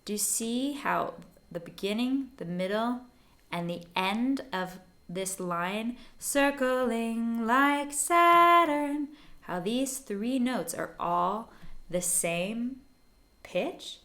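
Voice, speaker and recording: Speaking slowly in a mid-range voice, a woman leads a gentle songwriting lesson for learners. She encourages them patiently, step by step, and sings little phrases to demonstrate the tune.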